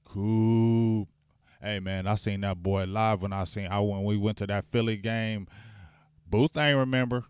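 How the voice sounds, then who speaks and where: A man's voice: on the low side, fairly even intonation, moderate pace, smooth, no echo, clean studio sound. A man hosting a casual live sports fan stream. He rambles, gets hyped and calls out to the chat viewers. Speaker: fan show host.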